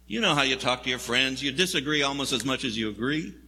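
A man's voice: mid-range voice, lively intonation, fast, pushed and bright, slightly rough. A man preaching a sermon in a church, telling the story in a conversational, wry way. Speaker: pastor. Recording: long hall reverb.

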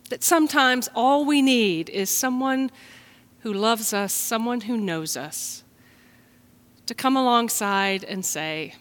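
This is a woman pastor from the United States, softly and patiently giving a children's message and sermon to an online congregation. Her pitch leans high.

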